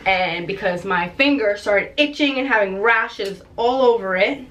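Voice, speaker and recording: A woman's voice: medium pitch, a little slow, fairly bright tone, a little hiss or hum. A young woman rambling and giggling as she chats casually to the camera in a vlog. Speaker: vlogger.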